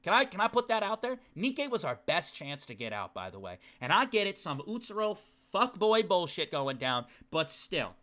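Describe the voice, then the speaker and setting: A man streaming a visual novel game, reacting with excitable, profane rants to chat. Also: sits high, moderate pace, few pauses. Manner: excitable, ranting, swears often. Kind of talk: live game commentary.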